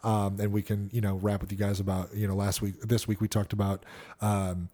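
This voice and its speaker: Laid-back, mellow-voiced man. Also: fairly low pitch, flat delivery, fairly quick. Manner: laid-back, swears freely. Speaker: podcast co-host. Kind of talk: casual chat.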